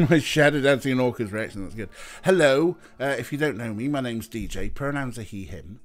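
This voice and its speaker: A male streamer chats casually with his viewers in a very animated voice that swings high and low. He often slips into a high sing-song coo while he talks to his cats. Soft music plays quietly in the background. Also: moderate pace. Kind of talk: casual livestream chat.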